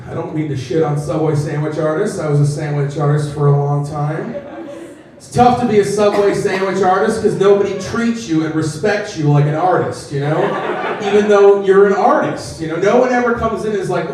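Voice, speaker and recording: A male stand-up comedian with a slightly high voice, talking in a self-deprecating way and slipping into characters as he acts out bits. The sound is very echoey and he is set back from the mic, like a live stage. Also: normal speed, distant mic, a crowd in the background.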